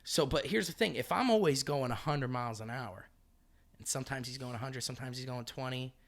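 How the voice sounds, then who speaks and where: Guy comedian telling wild stories on a podcast, swears a lot, really animated, acts out the quotes. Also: medium pitch, a little fast. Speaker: comedian guest. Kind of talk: casual podcast storytelling.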